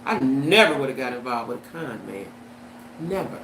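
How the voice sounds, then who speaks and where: A woman hosting a casual commentary vlog, talking to her viewers in an animated way and often asking them "right?". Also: very deep voice, normal speed. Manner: animated, talks to viewers with "right?" and "you know what I'm saying". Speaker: host. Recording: echoey room with faint background noise.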